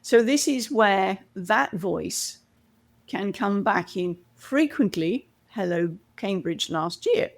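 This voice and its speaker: Woman, British accent, middle-aged, gravelly, lively storyteller, podcast guest. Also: medium pitch, slow pace. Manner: animated storyteller, acts out quoted voices. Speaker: guest, communication coach. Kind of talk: podcast interview.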